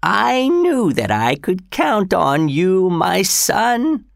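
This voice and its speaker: A man voicing a dying old father with a weak, breathy voice, in an audiobook story. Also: high-pitched, big pitch swings, drawn-out words, dry recording, studio quality, pitched above the performer's own voice, full character voice. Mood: frail, knowing.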